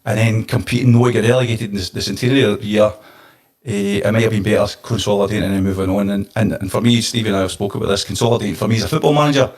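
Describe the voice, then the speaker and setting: A Scottish man, a former football manager, telling an animated story on a podcast. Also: lowish voice, racing. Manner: animated anecdote-telling, gets emotional.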